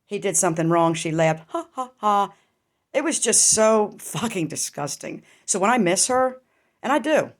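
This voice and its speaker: A middle-aged woman speaks straight to camera in a personal vlog. Her delivery is raw and intense, peppered with swearing and pointed rhetorical questions. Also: deep voice. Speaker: vlogger. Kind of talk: emotional personal storytelling.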